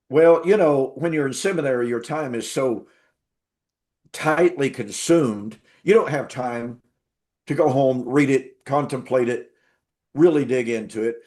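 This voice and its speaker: This is a man speaking as a guest in a conversational interview. His voice sits somewhat high for a man. He tells his story emphatically and repeats words to drive a point home. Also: normal speed, darkish tone. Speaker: interview guest, Bible teacher.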